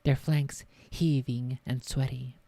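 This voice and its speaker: Slow, casual woman reading aloud. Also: rumbling low, fairly even intonation, dark tone, no echo. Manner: casual, swears at her own slips. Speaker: streamer reading a book aloud. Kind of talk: casual read-aloud narration.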